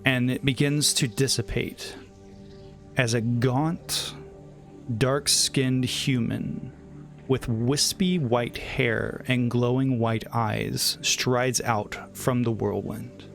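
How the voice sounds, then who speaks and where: A man narrating a tabletop game as game master, setting scenes in a slow, measured way. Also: mid-range voice, steady tone, creaky, fairly bright tone. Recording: home mic with faint background music.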